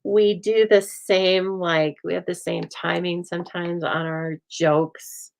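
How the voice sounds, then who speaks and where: Woman craft-demo host, low-pitched and soothing, chatty with a deadpan streak, recorded on a phone. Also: slow pace, creaky, rough recording. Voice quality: calm, soothing voice. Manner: chatty, laughs often, dry deadpan humor. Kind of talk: casual chat during a craft demo.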